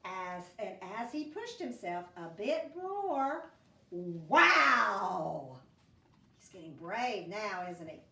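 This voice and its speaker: A woman first grade teacher reading a picture book aloud to children, with animated, expressive voices. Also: medium pitch, a little slow, echoey room, recorded from a distance.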